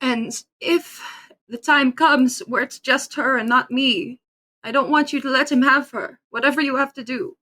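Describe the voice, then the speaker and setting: A woman player role-playing her character in a tabletop game, emotional and halting. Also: sits high, pushed and bright.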